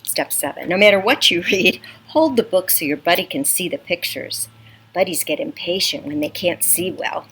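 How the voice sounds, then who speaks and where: Lady librarian reading to kids on a front porch, very expressive, sounds like a laptop mic. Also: lowish voice, moderate pace, a little hiss or hum, rough recording. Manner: animated, teacherly, coaxing young listeners. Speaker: children's librarian. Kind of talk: children's storytime read-aloud. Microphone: computer webcam. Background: neighborhood sounds.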